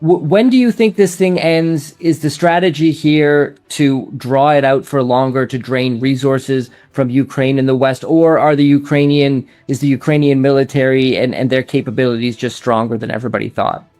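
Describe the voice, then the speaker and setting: A man's voice: mid-range voice, steady tone, moderate pace, hardly any pauses, darkish tone, faint music behind. A man hosting an interview, asking long, chatty, run-on questions. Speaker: interview host.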